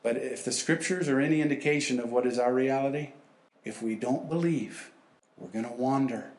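In an echoey church hall, a man preaches to the congregation as a guest preacher in the sanctuary. His medium-pitched voice is a little mellow and moves at a moderate pace as he voices the scripture quotes like characters.

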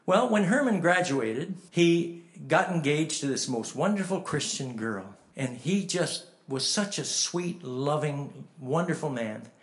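A man preaching a storytelling sermon, swinging from hushed to emphatic and asking the listeners direct questions. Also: on the high side, lively intonation, measured pace, few pauses.

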